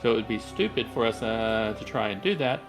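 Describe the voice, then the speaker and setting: A man's voice: fairly low pitch, lively intonation, a little fast. Guy at a tabletop game making his case point by point, music going behind. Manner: argumentative, reasons point by point. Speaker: player.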